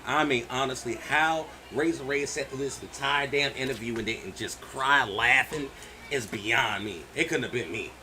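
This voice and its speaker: Brief: man hosting a reaction rant, bright ringing tone, lively swinging pitch, mocking delivery. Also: a little hiss or hum. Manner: animated, mocking, swings from shouting to muttering. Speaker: commentary channel host. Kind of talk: ranting reaction commentary.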